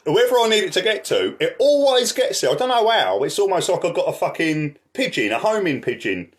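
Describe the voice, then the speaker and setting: A man's voice: high-pitched, sing-song, a little fast. A man ranting angrily in a vlog, swearing constantly and asking "right?" as he goes. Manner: shuffles through papers, voice drifts from the mic. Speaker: activist vlogger.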